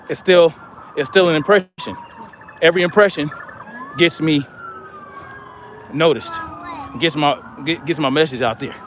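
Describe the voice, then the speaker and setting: A man's voice: fairly high pitch, fairly bright tone, slight background noise. A man hosting a livestream, reading viewer comments aloud and answering them in casual chat. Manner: reads viewer comments aloud and responds conversationally.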